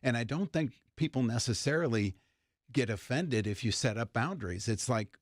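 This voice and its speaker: A man co-hosting a morning radio talk show, speaking in a hesitant, measured way and gently pushing back. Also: medium pitch, expressive, no room sound, clean studio sound.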